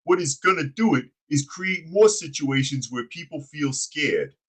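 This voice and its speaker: This is a bumbling, dim-witted tough guy with a thick accent and broken grammar, as a man puts him on to mock someone. The voice sits well above the man's usual pitch and sounds goofy and caricatured. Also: animated, a little slow, a bit bright, slightly rough, heavily acted. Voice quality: bumbling broken grammar with "bada bing" catchphrase. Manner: mocking caricature.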